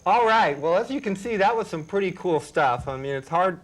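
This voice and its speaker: A man hosting a casual interview, asking relaxed, chatty questions full of fillers. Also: high-pitched, a little fast.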